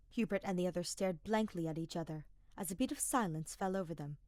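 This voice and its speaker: A woman reading fan fiction aloud as a podfic narrator, with an even storytelling delivery. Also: lowish voice, normal speed, no echo, clean studio sound. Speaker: podfic reader.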